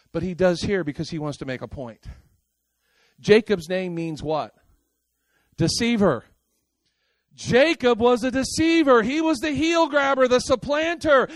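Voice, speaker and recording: A man preaching a sermon in a high, bright voice. He jumps from loud outbursts to hushed asides and talks to the congregation as if chatting with friends. The sound is dry and close, with no room echo. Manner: animated, swings between loud outbursts and quiet asides; casual, talks straight to the congregation.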